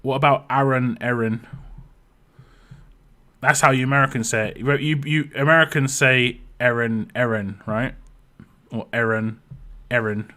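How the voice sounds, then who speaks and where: A British man streaming a game and chatting with viewers. His voice is bright and forward, and he rambles easily, full of "like" and "you know". He often restarts mid-sentence. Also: medium pitch, steady tone, moderate pace, pauses often. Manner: rambling, answers chat questions, frequent fillers and restarts. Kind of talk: casual live-stream commentary.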